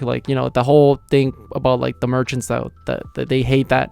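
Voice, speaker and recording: A man's voice: medium pitch, little pitch movement, fairly quick, gravelly, a little mellow, clear, resonant tone, no echo. A young man hosting his own channel, casually recapping and reviewing an episode, rambling with lots of filler words and frequent chuckles. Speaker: anime reaction channel host.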